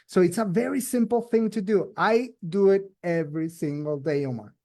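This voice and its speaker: A man's voice: sits high, normal speed, warm tone. A man sharing social media tips in a casual online talk, chatty and full of "you know" and "I mean". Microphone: video call.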